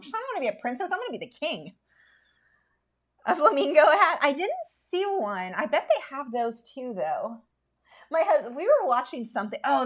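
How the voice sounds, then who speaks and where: A woman artist chatting casually and opinionatedly with viewers while she paints, laughing often. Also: a little high. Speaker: artist streamer.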